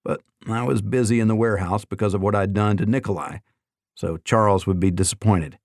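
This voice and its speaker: A man narrating an audiobook in a steady, even reading. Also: fairly low pitch, brisk, no echo, clean studio sound.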